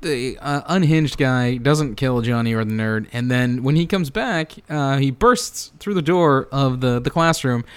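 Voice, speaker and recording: A man's voice: mid-range voice, measured pace, hardly any pauses, clear, resonant tone. A man co-hosting a casual podcast about a movie, talking with many fillers and restarts. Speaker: podcast co-host. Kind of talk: casual movie commentary chat.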